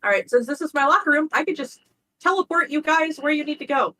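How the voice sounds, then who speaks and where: A woman playing a tabletop game reacts loudly and swears freely. Her voice is bright and sits a little high for a woman. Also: fast talker, a little hiss or hum. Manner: excitable, swears freely, shouts in surprise. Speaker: player. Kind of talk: tabletop role-play chat.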